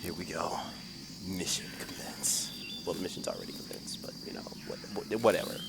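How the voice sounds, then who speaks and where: A man's voice: low-pitched, fast, creaky, loud music behind the voice. A young man casually commenting while he plays a video game, exclaiming and reacting to what happens on screen. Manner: excitable, exclaims and laughs at the game. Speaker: gaming channel host. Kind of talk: casual let's-play commentary.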